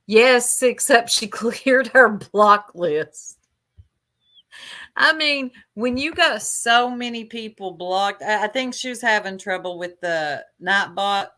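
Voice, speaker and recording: A woman's voice: mid-range voice, animated, slow pace, sharp tone. A woman in casual livestream chat, gossiping in a chatty, catty, drawling way.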